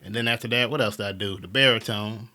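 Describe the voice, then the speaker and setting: A man's voice: on the low side, quick pace, pushed and bright. A man co-hosting a comedy podcast, telling rambling stories, correcting himself and joking in casual chat. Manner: rambling storyteller, jokes and self-corrects. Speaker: podcast co-host.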